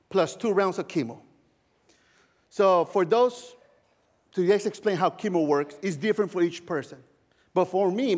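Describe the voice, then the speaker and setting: A male pastor preaching a sermon, telling a personal story in a heartfelt way with soft laughs. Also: high voice, in a large hall.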